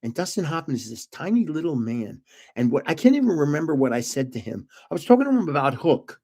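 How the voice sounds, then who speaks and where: A man's voice: on the high side, big pitch swings, quick pace, warm tone. An older man hosting his own channel, telling rambling backstage anecdotes in a casual, chatty way and chuckling at his own jokes. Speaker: channel host. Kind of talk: casual storytelling.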